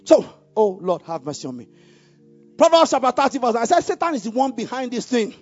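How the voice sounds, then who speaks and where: A man preaching a sermon, swinging from low musing asides to loud, fervent exhortation, and laughing often. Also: very animated, brisk, lo-fi sound, faint music behind.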